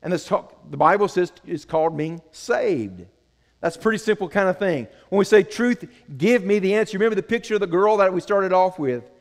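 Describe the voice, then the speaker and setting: A man's voice: sits high, lively intonation, brisk, big-room sound. A man preaching a sermon as pastor, earnest and conversational, asking the congregation questions.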